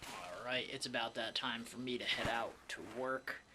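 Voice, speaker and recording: A man's voice: medium pitch, fairly even intonation, normal speed, background noise. A young man telling a casual storytime vlog, candid and chatty, with fillers and self-corrections. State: out of breath. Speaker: vlogger. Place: home, then in his car.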